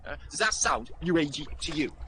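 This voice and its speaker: A man hosting a casual livestream, talking in a sweary, sardonic and animated way. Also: on the high side, a little fast, noisy background. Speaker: livestream host and author.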